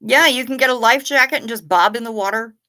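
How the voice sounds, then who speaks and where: A woman's voice: on the high side, quick pace, bright, forceful tone. A woman hosting a livestream, answering chat questions in casual, profane, sarcastic talk.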